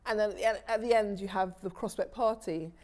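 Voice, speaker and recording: Woman in her thirties, interview guest, lively storyteller who restarts sentences and laughs easily, mid-pitched voice. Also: fast.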